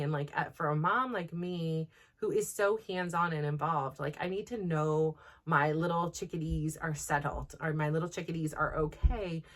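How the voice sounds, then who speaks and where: A woman's voice: on the low side, a bit bright. Chatty middle-aged woman, candid and rambling. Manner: candid, rambling, with many fillers and restarts. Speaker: host. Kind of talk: casual personal chat.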